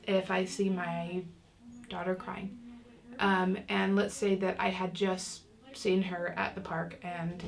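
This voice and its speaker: A woman's voice: on the low side, creaky. A woman teaching a casual online parenting lesson, talking in a chatty way with many fillers and restarts. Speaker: parenting class instructor.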